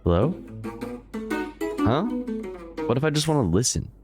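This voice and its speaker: A man's voice: medium pitch, big pitch swings, unhurried, loud music behind the voice. A man hosting a livestream, casually chatting and joking as he greets viewers by name one after another. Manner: playful, jokey, greets chat members one by one. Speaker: livestream host.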